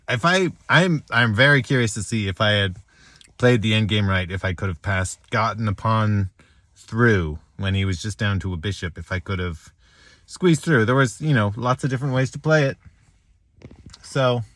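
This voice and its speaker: A man with a low voice rambles wryly to his audience, turning his own mistakes into jokes. He breaks off and restarts often, with small laughs in between. The sound is dry and close, with no room around it. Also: a bit bright, dry recording. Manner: wry, laughing at himself, halting restarts. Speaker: chess vlogger. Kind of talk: rambling self-deprecating reflection.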